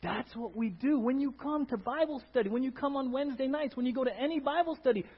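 A man preaching a sermon in church, talking in an animated way, rising to loud emphatic bursts and putting questions to the congregation. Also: very high voice, fast, husky. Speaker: pastor. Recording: dull lo-fi sound.

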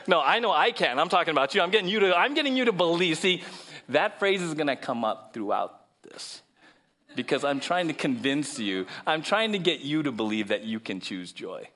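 Middle-aged pastor guy preaching in church, high voice, swoops up and down a lot. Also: moderate pace. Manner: animated, mocking voices and dropping to soft asides. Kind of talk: sermon. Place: church sanctuary.

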